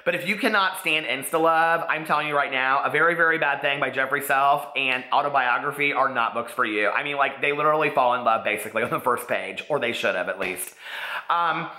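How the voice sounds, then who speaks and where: A man's voice: mid-range voice, a little fast, bright, forceful tone. Gushing, chatty man in echoey room. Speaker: booktube host. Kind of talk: casual book review vlog.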